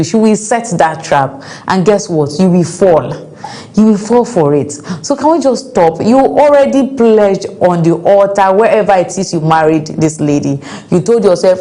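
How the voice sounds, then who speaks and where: Woman ranting through the news, low-ish mellow voice, keeps repeating herself. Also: expressive, unhurried. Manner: emphatic, exasperated, repeats points. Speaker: news commentary host. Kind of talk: casual commentary on news and viewer comments.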